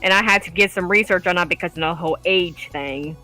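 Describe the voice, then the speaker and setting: A woman's voice: lowish voice, fast talker, sharp tone, faint music behind. A woman with a Texan-sounding accent chatting casually as a YouTube commentator, rambling and full of fillers. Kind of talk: casual podcast chat.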